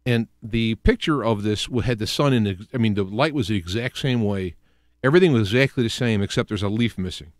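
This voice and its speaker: A man's voice: lowish voice, fairly quick, no room sound, studio quality. A man from the US Midwest with a Midwestern accent, hosting a casual solo radio talk show and rambling through examples with many restarts and fillers. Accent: Midwestern American.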